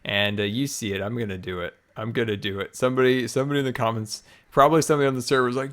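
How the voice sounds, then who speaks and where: A man's voice: mid-range voice, fairly even intonation, racing, few pauses, fairly bright tone. A man hosting a building-game video, chatting upbeat and thinking aloud as he plays, a little out of breath. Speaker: host. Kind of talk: Minecraft let's play commentary.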